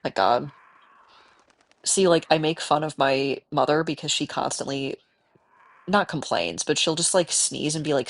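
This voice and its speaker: A Midwestern woman with a cold streams a game, rambling casually and talking to the animals on screen. Her voice is low-pitched and gravelly, and she speaks at a measured pace.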